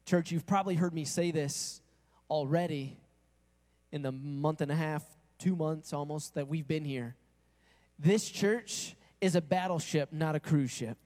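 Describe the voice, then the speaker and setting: Long church-hall reverb surrounds a male pastor who preaches to his congregation like a conversation, asking questions and performing quoted voices. His pitch is fairly high, his delivery unhurried and a little mellow.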